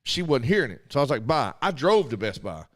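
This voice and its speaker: A man's voice: mid-range voice, big pitch swings, fast. A man co-hosting a casual radio talk show, animatedly telling a story and acting out both sides of phone calls. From Arkansas.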